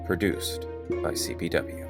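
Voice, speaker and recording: A man voicing a deep, slow title announcer over loud music. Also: close to an everyday voice. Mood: solemn.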